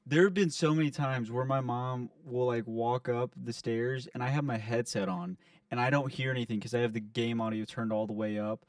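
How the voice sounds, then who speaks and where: A man's voice: mid-range voice, normal speed, no room sound. Young guy cohosting a podcast, rowdy storytelling, sounds a bit far from the mic, dry room. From Ohio. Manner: animated storytelling, swearing, laughing. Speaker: podcast co-host. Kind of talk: casual chat.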